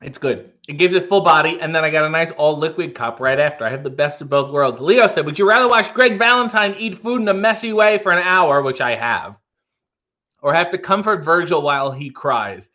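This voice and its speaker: Bright-voiced man rambling on a livestream. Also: on the high side, animated, brisk, muffled recording. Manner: rambling, offhand, wry asides. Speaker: livestream host. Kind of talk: casual chat reading viewer comments.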